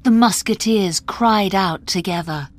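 A woman narrating a graded reader story in a clear, deliberate storytelling manner. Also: medium pitch.

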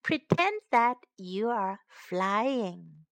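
A woman reading a bilingual children's story aloud slowly and gently, asking the young listeners questions and teaching English. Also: mid-range voice, very animated, no room sound. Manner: slow, gentle, clearly enunciated.

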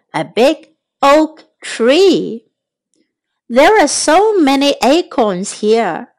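Slow, patient woman English teacher. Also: high voice. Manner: slow, repeats each phrase, explains in Chinese. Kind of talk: bilingual language lesson.

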